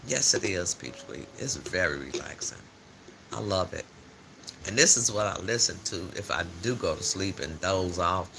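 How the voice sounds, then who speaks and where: A man's voice: deep voice, normal speed, gravelly, noisy background. An older man hosting a casual morning live stream, chatting and telling stories in a loose, slangy way. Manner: chatty, animated storytelling with frequent laughs and slang.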